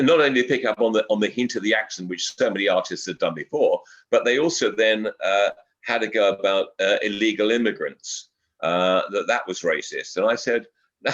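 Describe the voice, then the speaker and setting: A man's voice: fairly low pitch, a bit bright. Older guy rambling in an interview, lots of uhs and repeats, audio kinda muffled. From England. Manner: rambling, with frequent fillers and repeated words. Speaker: guest broadcaster. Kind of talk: casual interview chat. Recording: slightly dull lo-fi audio.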